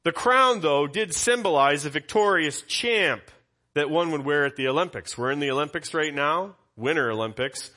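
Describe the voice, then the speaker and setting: A man's voice: a little high, animated, normal speed, sharp tone. A male pastor giving an expository Bible teaching in a conversational way, putting questions to his congregation.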